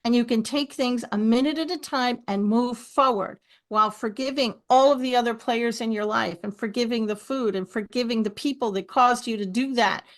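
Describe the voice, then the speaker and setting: A middle-aged woman, a podcast guest, telling stories with lively asides. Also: a little high, normal speed. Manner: animated storyteller, lively asides. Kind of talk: podcast conversation.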